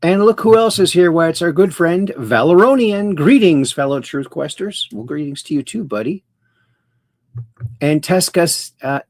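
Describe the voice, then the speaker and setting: A man's voice: fairly high pitch, no echo. A man hosting a casual livestream, rambling playfully, greeting chat viewers by name and making puns. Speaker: livestream host.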